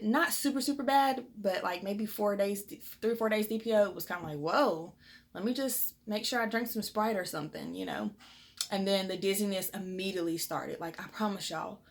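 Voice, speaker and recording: Young woman, chatty, frank, lots of fillers, home vlog. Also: medium pitch. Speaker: vlogger sharing pregnancy test results. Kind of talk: casual chat to camera. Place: home, indoors.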